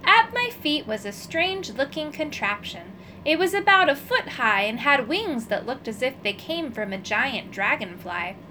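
A woman narrating a children's storybook in an expressive, storytelling manner. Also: high-pitched, moderate pace, hardly any pauses, slight background noise. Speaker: audiobook narrator.

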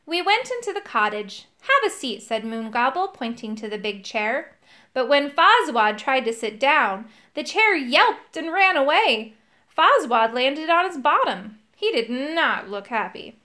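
Bright, animated woman reading a storybook. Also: high-pitched, a little slow. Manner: animated, voices characters. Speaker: storybook reader. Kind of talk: expressive read-aloud narration.

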